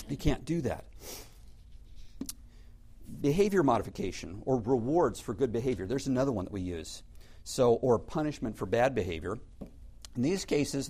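Lively-voiced man teaching Sunday school. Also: medium pitch. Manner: conversational, rhetorical questions, acts out stories. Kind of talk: church class teaching.

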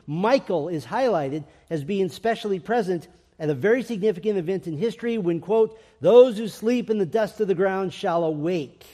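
A man preaching a sermon, reading scripture and building to emphatic, loud proclamations. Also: sits high. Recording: long reverb of a large hall.

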